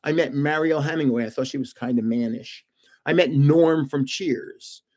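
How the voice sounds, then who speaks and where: A man's voice: a little high, moderate pace, a little mellow. An older man hosting a live stream, telling rambling stories in a chatty way and laughing often. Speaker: host of a live card-opening stream.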